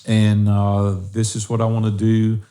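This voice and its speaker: A man's voice: on the low side, monotone, unhurried, warm tone. A middle-aged man co-hosting a faith-based podcast, earnestly encouraging listeners. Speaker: podcast co-host.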